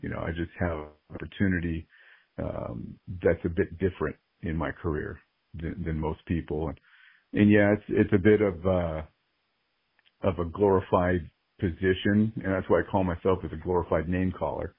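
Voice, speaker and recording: A man's voice: low-pitched, steady tone, normal speed, gravelly, breathy edge, dry recording. A man speaking as a podcast guest, earnest and openly emotional as he reflects candidly on his life. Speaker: guest, sports ring announcer. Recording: phone-like narrow-band audio.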